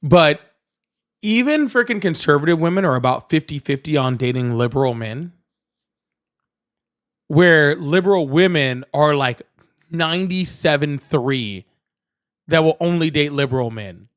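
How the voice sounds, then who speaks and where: Livestream host, man, slightly high voice, loose rambling delivery to chat. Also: expressive, unhurried, pauses often. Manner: rambling, repeats himself, talks straight to chat. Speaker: livestream political debate host.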